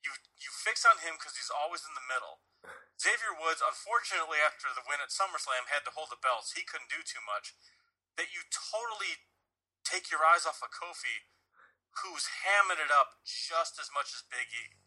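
A man with a bright, edgy voice and a husky grain, hosting a loose podcast conversation. He rambles, gets worked up, and laughs through his stories. His voice sits a little high. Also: normal speed, low-quality recording. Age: adult, married. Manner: rambling, animated, laughs while talking. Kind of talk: casual chat.

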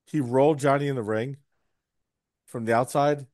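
A man of middle pitch talking on a casual podcast in a wry, teasing way, dropping mocking asides. The recording is dry and close, with no room sound. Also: fairly even intonation, a little mellow, no room sound. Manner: wry, mocking asides with quick put-on voices. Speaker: podcast co-host. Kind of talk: casual wrestling podcast chat.

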